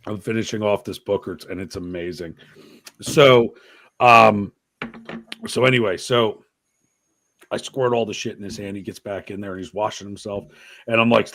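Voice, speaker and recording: A man's voice: lowish voice, steady tone, normal speed, fairly bright tone, no room sound. A man hosting a podcast, chatting casually and telling stories animatedly, swearing freely. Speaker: podcast host. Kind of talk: casual chat.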